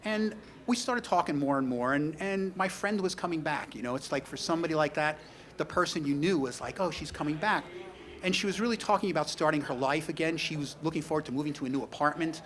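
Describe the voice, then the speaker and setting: A man's voice: fairly high pitch, quick pace, fairly bright tone, slight background noise. A middle-aged man with a New York accent giving a rambling, anecdotal eulogy full of "you know" and wry humor. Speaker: speaker at a memorial tribute. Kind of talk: storytelling eulogy.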